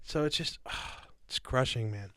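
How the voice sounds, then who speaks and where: A man's voice: medium pitch, measured pace, pushed and bright, dry recording. Rambling man co-hosting a podcast. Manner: rambling, lots of fillers and restarts; casual, calls listeners "guys" and "dude". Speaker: podcast co-host. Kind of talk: casual podcast discussion.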